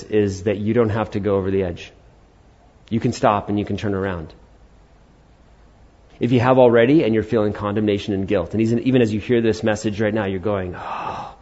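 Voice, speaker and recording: A man's voice: medium pitch, a little mellow, dull audio. A man, a pastor, preaching a Sunday sermon in a conversational way, acting out quotes as he goes.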